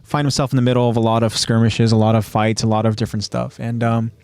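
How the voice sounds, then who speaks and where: A man's voice: mid-range voice, flat delivery, quick pace, darkish tone, a little hiss or hum. A man co-hosting a casual podcast, retelling scenes step by step and then talking loosely about them. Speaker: podcast co-host. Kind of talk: casual podcast chat recapping an anime episode.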